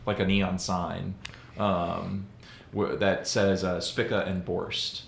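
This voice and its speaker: Low-voiced man recapping a film. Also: level tone, takes it slowly, creaky. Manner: rambling recap with fillers and laughs. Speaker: podcast co-host. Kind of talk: casual film discussion. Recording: roomy echoey room with faint noise.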